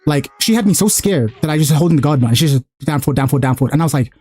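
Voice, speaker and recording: A man hosting a casual fighting game chat, excitable, laughing often and acting out quoted players. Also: on the high side, rapid-fire, breathy edge.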